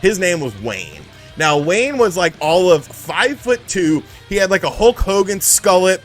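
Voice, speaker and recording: Animated, profane man telling a story. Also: sits high, unhurried, faint music behind. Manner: profane, animated, acts out the people in his stories. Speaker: channel host. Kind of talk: casual storytelling about retro video games.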